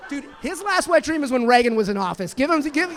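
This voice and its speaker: A man's voice: very high voice, sing-song, quick pace, fairly bright tone. A man in his thirties doing a stand-up comedy set on a club stage, rambling and self-deprecating, with lots of restarts and fillers. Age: 30s.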